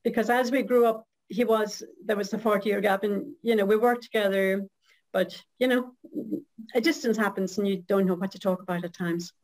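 A middle-aged woman reading her own poem slowly and carefully, then chatting casually as a guest. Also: medium pitch, steady tone, darkish tone, poor audio. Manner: slow, measured recitation.

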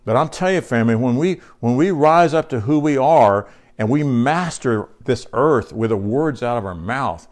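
A man's voice: medium pitch, animated, moderate pace, few pauses, a little mellow. A man preaches to his congregation in a folksy, conversational way. He reads scripture aloud and keeps turning to the room with questions. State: short on sleep. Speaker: pastor. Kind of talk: sermon.

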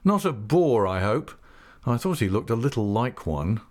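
A man reading an audiobook, voicing a jovial, careless young gentleman who talks in a hearty, mocking way. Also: medium pitch, sing-song, moderate pace. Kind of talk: audiobook character voice.

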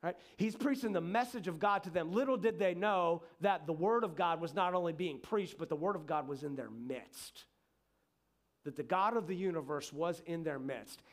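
Lively, conversational male pastor. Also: a little high, moderate pace. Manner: animated storytelling, conversational asides. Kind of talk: sermon.

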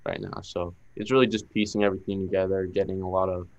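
A young man with a Boston accent, a musician talking casually in an interview, relaxed, with lots of "like" fillers. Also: deep voice, quick pace, vocal fry, dull audio. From Massachusetts. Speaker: musician guest.

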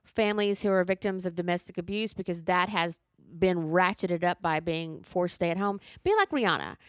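A woman's voice: on the low side, level tone, a little fast, no echo, clean studio sound. A middle-aged woman ranting in casual chat, profane and emphatic.

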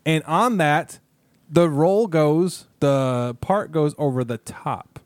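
A man riffs on a casual podcast, his voice sitting a little high for a guy. He rambles, jokes and restarts his sentences. The sound is close and completely dry. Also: takes it slowly, darkish tone, clean tone, no echo. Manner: rambling, jokey, trails off and restarts. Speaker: podcast co-host.

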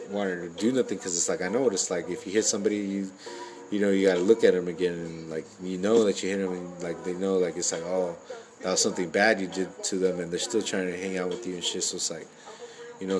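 A man's voice: deep voice, rough recording. A man telling personal stories in a rambling, casual way, full of fillers and profane street slang. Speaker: parent sharing life stories.

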